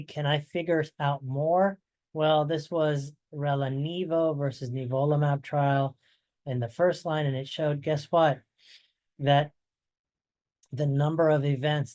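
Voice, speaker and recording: A man's voice: medium pitch, mellow. A man presenting research updates in a webinar, conversational and fond of rhetorical asides, while losing his voice.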